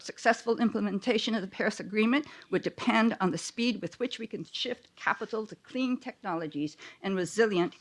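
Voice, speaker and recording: A woman's voice: medium pitch, fairly bright tone. A woman reading a firm, urgent prepared comment to a committee and quoting sources aloud. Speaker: public commenter. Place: public meeting room.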